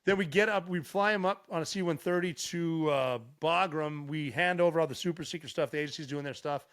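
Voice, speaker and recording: Middle-aged guy from montana, rapid-fire swearing stories, slightly high voice. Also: clean tone. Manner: profane, animated storyteller. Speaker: podcast guest. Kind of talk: casual storytelling.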